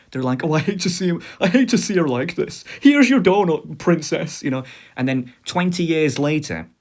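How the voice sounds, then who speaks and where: Sarcastic man talking straight to camera. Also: medium pitch. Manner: sarcastic, hypothetical scenarios, rhetorical "right?". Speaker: commentary video host. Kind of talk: casual scripted commentary.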